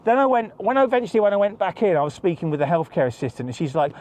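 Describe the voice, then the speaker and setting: A man's voice: sits high, big pitch swings, very fast, a little mellow. A middle-aged man, a podcast host delivering an angry, stressed monologue full of swearing and repetition. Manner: angry, heavy swearing, repeats himself. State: stressed and agitated. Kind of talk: ranting monologue.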